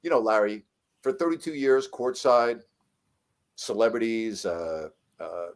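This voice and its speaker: A middle-aged man, a veteran sports broadcaster, telling stories in a casual chat with lively jumps in his voice for emphasis. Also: lowish voice, unhurried. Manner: animated storyteller, voice jumps up for emphasis.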